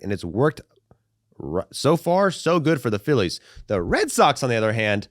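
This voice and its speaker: A man hosting a sports podcast, chatting casually in an animated, slangy, rambling way. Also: medium pitch, moderate pace, no room sound, studio quality. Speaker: podcast host.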